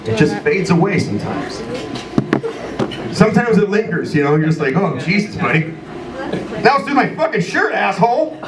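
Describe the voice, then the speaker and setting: A middle-aged man works through a crude, self-mocking stand-up set, his voice swooping up and down a lot. He is picked up from a distance in an echoey bar. Loud room noise sits behind him. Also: on the high side. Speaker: stand-up comedian. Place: bar or club stage. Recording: echoey room, mic far off, noisy.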